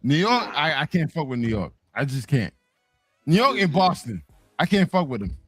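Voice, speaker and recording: A man co-hosting a casual chat, animated and repeating himself as he talks. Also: on the high side, moderate pace, slightly rough, faint music behind. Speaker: podcast co-host.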